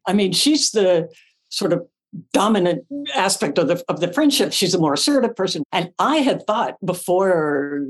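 A woman's voice: fairly low pitch, normal speed. An older woman spins a backstage anecdote for the hosts. She acts out what she said back then, and she laughs often as she goes. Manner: animated, acts out her own quotes, laughs often. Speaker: actress guest. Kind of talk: casual anecdote telling.

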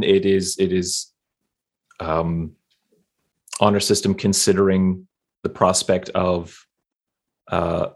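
A man playing a tabletop game and describing his character's actions, halting and self-deprecating, with many fillers. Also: sits low. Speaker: player.

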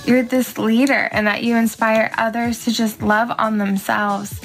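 A woman's voice: on the high side, level tone, a little slow, soft background music. A young woman giving a friend a recorded birthday tribute, gushing and effusive in her admiration.

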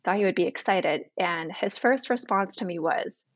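A woman's voice: fairly low pitch, normal speed, dry recording. Young woman guest, storyteller, casual and chatty, dull dry sound. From Canada. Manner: chatty, full of "like" and quoted dialogue. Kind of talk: storytelling interview.

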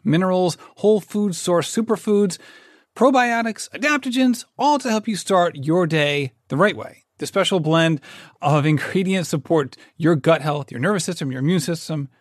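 A man hosting a podcast, chatty, often pausing to search for his words. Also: high voice, animated, no room sound, studio quality. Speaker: podcast host. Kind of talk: casual interview questions and ad reads.

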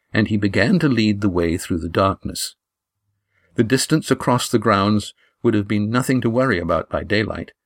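A man reading a novel aloud as narrator, in a measured, even delivery. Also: fairly low pitch, dry recording, studio quality. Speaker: audiobook narrator. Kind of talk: scripted narration.

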